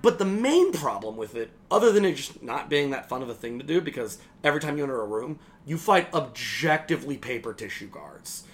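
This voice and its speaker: A young man co-hosting a podcast, ranting casually about a video game in a sarcastic, animated way, swearing freely and acting out lines. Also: mid-range voice, brisk, hardly any pauses. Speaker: podcast co-host. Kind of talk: casual game critique chat.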